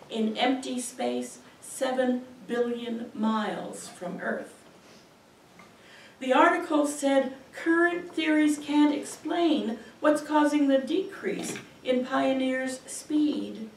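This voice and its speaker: A woman poet reads her work in a measured, expressive way, taking her time. Her high voice has a gravelly touch. It is heard from a distance in a roomy university hall. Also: slight background noise. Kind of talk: poetry reading. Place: university auditorium. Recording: echoey auditorium from far off.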